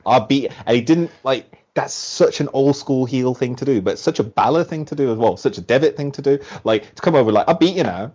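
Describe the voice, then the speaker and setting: A man chats as a podcast guest, mid-pitched and animated. He keeps acting out quotes with a run of "like"s. The sound is muffled and a little lo-fi. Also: fairly quick, few pauses. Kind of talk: casual podcast chat.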